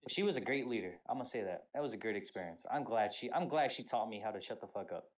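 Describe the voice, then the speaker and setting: A man's voice: on the low side, quick pace, low-quality recording. A young man on a podcast telling an army story in casual chat, profane and full of acted-out quotes. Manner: animated, profane, acts out quotes. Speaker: podcast co-host.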